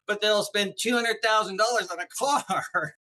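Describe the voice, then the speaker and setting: A man, a guest on an interview podcast, explaining ideas in an animated, chatty way and often checking in with "right?". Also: sits high, measured pace. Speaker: podcast guest, speaker on neuroplasticity. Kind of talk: casual interview chat.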